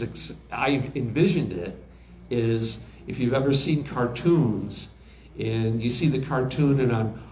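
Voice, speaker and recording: A man's voice: medium pitch, a little mellow, slight background noise. A man in his sixties, a recording engineer, telling stories in an interview with many fillers and restarts. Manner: halting, frequent fillers and restarts. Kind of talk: interview storytelling. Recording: roomy echo with faint background ambience.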